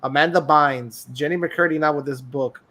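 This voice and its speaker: A young man co-hosting a casual podcast chat, telling stories in an animated way, laughing often and acting out quotes. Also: a little high, normal speed. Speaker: podcast co-host.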